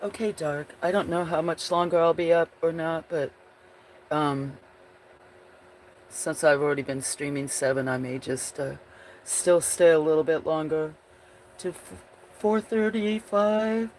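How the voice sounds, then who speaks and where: A woman's voice: sits low, fairly even intonation, a little slow, darkish tone, slight background noise. A woman hosting a casual livestream, chatting with viewers in a rambling way and often breaking into giggles. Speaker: livestream host.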